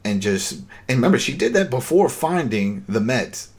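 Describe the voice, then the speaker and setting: A man's voice: mid-range voice, normal speed, husky. A man hosting a casual talk show, retelling a TV episode scene by scene and acting out the characters' lines. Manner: animated storyteller, acts out dialogue. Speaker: podcast host recapping a TV episode.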